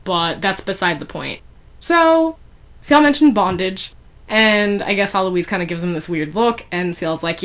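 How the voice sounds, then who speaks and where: A woman's voice: medium pitch, lively intonation, a little slow, a bit bright. Chatty woman recapping a story. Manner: chatty, many fillers, giggly asides. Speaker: fan fiction reviewer. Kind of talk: casual chapter recap.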